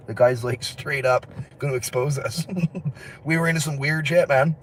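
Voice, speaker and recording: A man's voice: mid-range voice, steady tone, fairly quick, slight background noise. A man chatting casually on a livestream, rambling, swearing and laughing often, talking into a phone. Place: outdoors on city streets.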